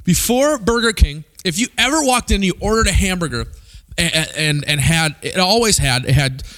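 A young man from Missouri preaching a sermon, animated and peppering the crowd with rhetorical questions. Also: high-pitched, moderate pace. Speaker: pastor.

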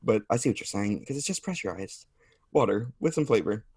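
A man's voice: on the low side, lively intonation, fairly quick, a little mellow, husky, no echo, clean studio sound. A man chatting as a podcast guest, rambling and self-deprecating, laughing often. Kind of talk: casual chat.

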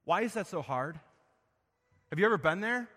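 A man preaching a sermon, asking his listeners questions and swinging between loud emphasis and quiet, low passages. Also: lively intonation, moderate pace, slightly rough, in a large hall. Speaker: pastor.

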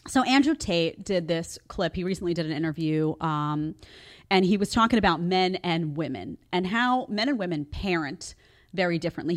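A woman in her thirties hosting a casual reaction show and talking to her live chat, chatty and expressive. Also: on the low side. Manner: chatty and animated, acts out quotes. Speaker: host reacting to clips.

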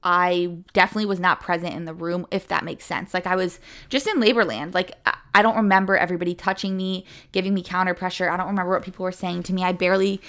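A woman's voice: on the low side, fairly even intonation, fairly bright tone. A young woman telling her own story in a candid, chatty way, often saying "like" and lifting her voice when it gets emotional. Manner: candid and chatty, with fillers like "like" and quick emotional lifts. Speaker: podcast or vlog host sharing a birth story. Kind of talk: casual personal storytelling.

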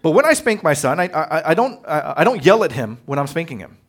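A man preaching a sermon as pastor, animated and conversational, acting out quotes as he tells stories. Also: a little high, fairly quick. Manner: animated storytelling, acts out quotes.

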